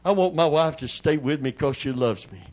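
A man's voice: on the high side, fairly quick, background noise. An older man, a pastor preaching a Pentecostal sermon in a church, joking in a folksy way and calling on the congregation for amens.

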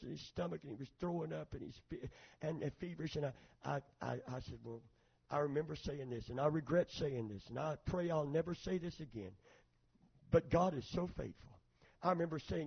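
A middle-aged man preaching a sermon, moving between hushed storytelling and fervent, shouting emphasis. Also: fairly high pitch, animated, fairly quick, creaky, husky, dull audio.

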